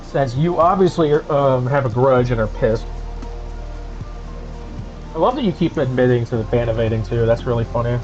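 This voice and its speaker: Streamer host, male, mid pitch, sweary sarcastic rant over music, dull lo-fi desk mic. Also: lively intonation, moderate pace, long pauses. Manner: angry, profane, sarcastic. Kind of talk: ranting commentary stream.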